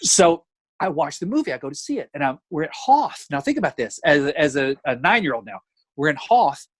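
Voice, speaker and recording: Guy in his 40s on a video call, bit husky, kinda high pitched, acts out all the voices. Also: fairly quick, no echo, rough recording. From Alabama, USA. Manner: animated storyteller who acts out voices. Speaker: podcast guest, comedian. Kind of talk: casual storytelling chat. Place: home room with closet door. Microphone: video call with camera and ring light.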